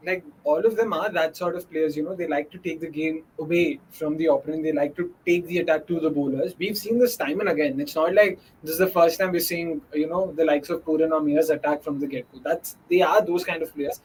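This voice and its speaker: Man, cricket analyst, animated casual chat, filler-heavy, high voice, faint background noise. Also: poor audio. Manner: animated, filler-heavy, talks fast with "you know".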